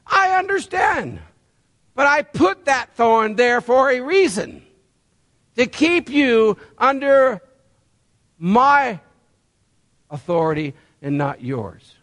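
A man's voice: very high-pitched, very animated, slow, long pauses, a bit bright, heavily acted. A man voicing God as a stern male deity, blunt and commanding, within his sermon.

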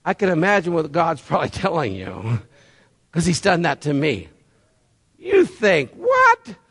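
A man delivering a sermon in a high, animated voice that leaps all over its range. He talks to his congregation in a folksy, conversational way, then presses them with emphatic rhetorical questions. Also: moderate pace, breathy edge. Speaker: pastor.

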